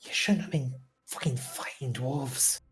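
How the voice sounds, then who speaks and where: A man's voice: medium pitch, measured pace, faint music behind, voice pushed up, lightly acted. A man voicing a panicky older male orc who scolds and swears in a frantic rush. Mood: panicked.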